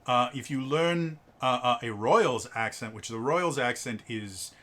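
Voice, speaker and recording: A man's voice: medium pitch, unhurried, a bit bright. An American man reviewing a tabletop game in casual, rambling commentary, full of fillers and stammered restarts. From United States.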